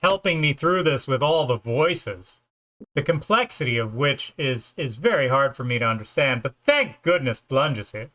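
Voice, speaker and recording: A man's voice: medium pitch, lively intonation, moderate pace, pushed and bright. A man streaming a game, chatting casually, joking and rambling as he plays. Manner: joking, rambling, puts on silly voices. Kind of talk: casual let's-play chat.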